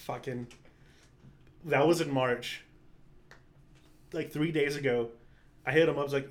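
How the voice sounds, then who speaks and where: A man's voice: medium pitch, moderate pace, pauses often. A man co-hosting a podcast, telling an anecdote in casual chat and quoting his friends' lines. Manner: animated anecdote-teller, quotes friends. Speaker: podcast co-host.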